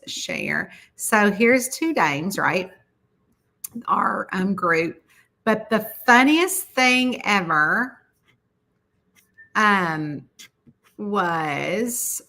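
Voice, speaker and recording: A middle-aged woman, chatting casually with viewers on a livestream about her books. She talks in an animated, chatty way and laughs often. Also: very slow, gravelly, long pauses. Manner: chatty, animated, laughs often, quotes people in high voices. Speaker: mystery author hosting a livestream.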